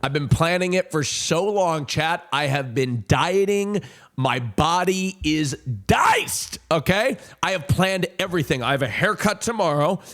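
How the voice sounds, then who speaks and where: A man's voice: on the high side, expressive, a little slow, a bit bright. A man streaming casually to his chat, rambling and camp, with crude jokes. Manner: rambling, camp and crude, swinging from chirpy to mutter.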